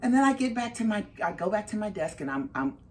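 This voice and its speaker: A middle-aged woman, the mother of a parolee, telling her story in an interview and acting out her own reactions with big leaps in her voice. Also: fast. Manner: animated, acts out her own reactions with big jumps in pitch.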